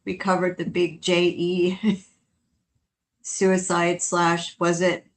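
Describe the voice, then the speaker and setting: A woman co-hosting a casual podcast, chatty and quick to laugh as she tells stories. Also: lowish voice. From New Orleans. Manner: chatty, laughs often, quotes others in lively bursts. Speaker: co-host.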